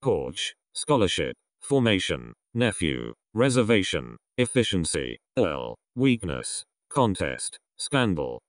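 A man reading a vocabulary list aloud, deliberately, one word at a time with pauses between. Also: sits low, big pitch swings, no room sound, clean studio sound. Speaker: vocabulary reader.

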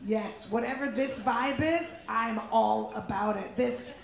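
A woman's voice: a little high, takes it slowly, vocal fry. A woman comedian doing stand-up crowd work on a club stage, brash and teasing, laughing often. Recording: echoey club with loud noise.

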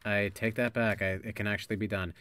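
A man's voice: lowish voice, level tone, fairly quick, fairly bright tone, no room sound. A man co-hosting a casual podcast, reading out odd card names with playful disbelief while playing a card game. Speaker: podcast co-host. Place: living room blanket fort.

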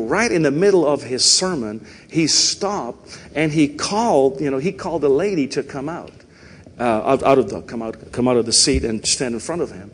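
A man's voice: medium pitch, big-room sound, a little hiss or hum. A man with a Canadian accent preaching a sermon in a church, chatty and conversational, often checking in with "right?" and "you know". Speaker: pastor. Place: church sanctuary.

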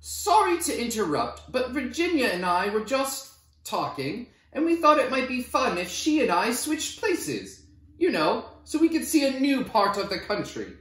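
A man's voice: very high-pitched, sing-song, unhurried, fairly bright tone, pitched above the performer's own voice, heavily acted. Man voicing a very polite storybook state, raised courteous voice, roomy echo.

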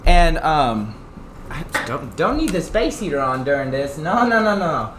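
A man streaming live, telling an angry story in a profane, animated rant with sudden loud outbursts and self-mocking asides. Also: fairly high pitch, moderate pace, noisy background.

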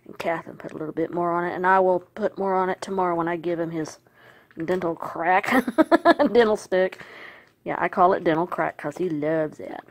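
A woman's voice: lowish voice, moderate pace. A woman in her fifties filming a casual home vlog, cooing baby talk at her dog and laughing often. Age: 50s. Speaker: vlogger.

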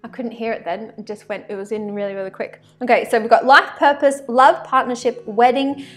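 A woman giving a chatty, excitable tarot card reading to her viewers, rambling with lots of "like" fillers. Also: on the high side, brisk, soft background music.

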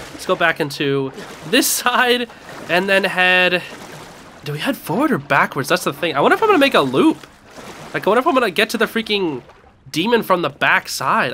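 A young man hosting a gaming channel, chattering excitedly to himself and the game as he plays. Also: high voice, slight background noise. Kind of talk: casual let's play commentary.

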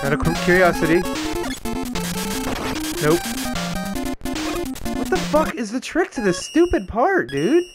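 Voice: mid-range voice, wildly swooping pitch, a little slow, long pauses. Cursing, exasperated let's-play gamer. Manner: profane, exasperated, talking to self. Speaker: gaming channel host. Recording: loud game music over voice. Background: loud video game music.

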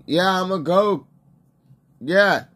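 A man streaming gameplay, crude and rowdy, chattering to himself and bursting into shouts. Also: sits high, slow. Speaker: livestreamer. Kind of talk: profane livestream gameplay chatter.

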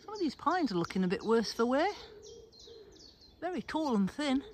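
A woman vlogging on a woodland walk, calling and praising her dogs in a sing-song way and musing quietly about the woods. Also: sits high, very animated, normal speed, slight background noise. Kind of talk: casual outdoor vlog with dog commands. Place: woodland outdoors.

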